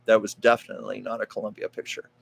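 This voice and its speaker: A man's voice: lowish voice, little pitch movement, quick pace, creaky, fairly bright tone, husky. A man hosting a live stream, telling stories in a chatty, rambling way and reading out viewer comments. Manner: chatty, rambling, with frequent fillers and asides.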